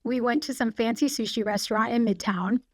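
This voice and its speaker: A woman's voice: a little high, fairly quick, a little mellow, no echo. Chatty woman telling stories, dry sound. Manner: chatty storyteller with many fillers. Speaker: guest actress. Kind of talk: casual podcast conversation. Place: podcast studio.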